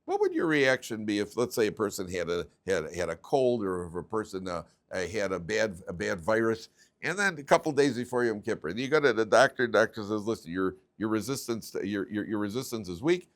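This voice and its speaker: Man, rabbi, classroom lecture, lowish voice, storytelling, repeats words, acts out characters. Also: very animated, brisk. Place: classroom with students.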